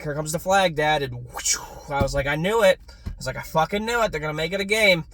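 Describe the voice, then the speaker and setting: A young man rants in a casual sports fan vlog, swearing constantly. His mid-pitched voice drops to a low mutter, then jumps to excited yelling. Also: dry recording.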